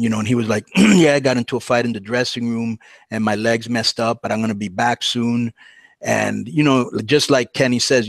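A man telling a long story on a podcast, casual and animated, acting out the voices he quotes. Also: medium pitch, no room sound. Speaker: podcast guest.

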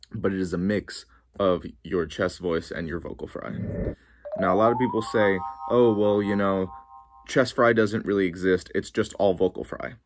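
Male vocal coach, deep and raspy with fry, laid-back teaching tone. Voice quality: gravelly low voice with vocal fry. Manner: relaxed, chatty, frequent ums. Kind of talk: casual explanatory lesson.

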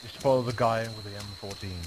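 A man's voice: lowish voice, steady tone, fast talker, noisy background. A man in game voice chat, barking bossy, threatening orders at a captive player. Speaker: gamer.

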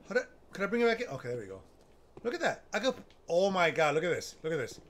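A man giving nervous, excitable running commentary while playing a horror game, gasping and talking himself through it. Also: fairly high pitch, quick pace. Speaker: gaming streamer. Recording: noticeable background noise.

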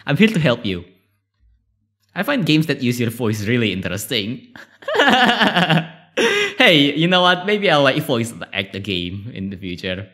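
A man giving casual, excitable commentary while playing a game, laughing often and swearing. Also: mid-range voice, a little slow. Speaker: let's play gamer.

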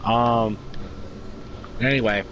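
A man's voice: medium pitch, fairly even intonation, very slow, fairly bright tone, slight background noise, rough recording. A young man, co-hosting a casual podcast, rambling through his own stories with many fillers. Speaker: podcast co-host. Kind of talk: casual storytelling chat.

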